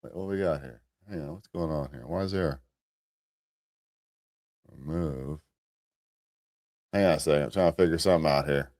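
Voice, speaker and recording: A man's voice: a bass voice, normal speed, pauses often, a little mellow, no room sound, clean studio sound. An American man hosting a live morning commentary show, rambling casually with restarts and chuckling at himself.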